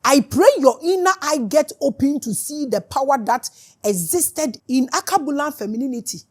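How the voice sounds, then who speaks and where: In a high-pitched, expressive voice at a moderate pace, a woman with a Ghanaian accent scolds her listeners during a passionate spiritual address. She is a spiritual teacher and mixes Twi with English as she goes.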